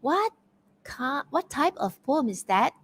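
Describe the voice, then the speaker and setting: A woman's voice: sits high, big pitch swings, slow pace, a bit bright, poor audio. A woman with a Malaysian English accent, leading an online poetry quiz as teacher, encouraging and praising answers with many fillers and restarts. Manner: filler-heavy, hesitant restarts. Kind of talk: interactive online workshop talk.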